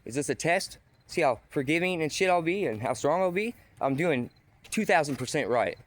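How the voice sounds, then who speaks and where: A man's voice: fairly high pitch, animated, normal speed. A man ranting in an agitated, accusatory monologue to the camera. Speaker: vlogger.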